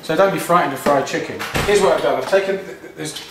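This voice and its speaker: In a noisy home kitchen, an English host with a somewhat high voice chats rapidly through a cooking demo, rambling and frequently starting over. The mic sits far away, the room echoes, and food sizzles in the pan.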